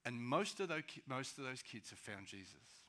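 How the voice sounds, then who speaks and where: A man preaching a sermon as pastor, swinging between loud, urgent rises and quiet, slow drops. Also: medium pitch, big pitch swings.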